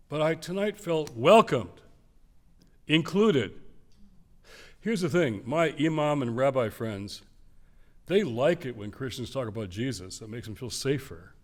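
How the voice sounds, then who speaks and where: A man's voice: medium pitch, measured pace, long pauses. Older man telling stories in a lecture. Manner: animated storyteller, acts out quoted voices with swings in loudness. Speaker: speaker giving a lecture. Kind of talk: public lecture with storytelling.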